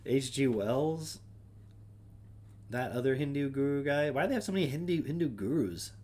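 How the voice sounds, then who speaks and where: With lively intonation and a mid-range, slightly mellow voice at normal speed, a streamer host chats casually alone on his own stream. He works through a list of names in an offhand, wry manner and mutters dry remarks under his breath.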